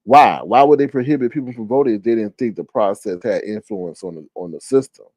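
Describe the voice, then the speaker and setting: A man hosting a casual livestream chat, talking in a teasing, animated way. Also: on the low side, brisk, dry recording. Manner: animated, teasing, Southern US Black vernacular speech. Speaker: livestream host.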